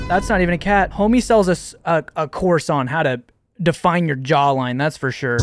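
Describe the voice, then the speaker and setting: High-voiced joking young man. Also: normal speed, music in the background. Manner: joking, incredulous, slangy with "bro" and "dude". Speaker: YouTube host. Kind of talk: casual meme reaction commentary.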